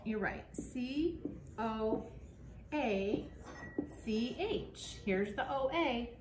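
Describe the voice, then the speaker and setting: A woman teaching a phonics lesson to second graders, speaking slowly and clearly with lots of encouragement and spelling words out letter by letter. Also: fairly high pitch, animated, a little mellow. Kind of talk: remote phonics lesson for children. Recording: echoey room, faint background hiss.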